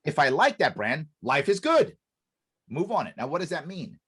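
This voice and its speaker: A man's voice: fairly high pitch, moderate pace, husky. A man speaking as a podcast guest and business consultant, explaining a method emphatically, repeating key points with restarts. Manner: animated, acts out quoted dialogue.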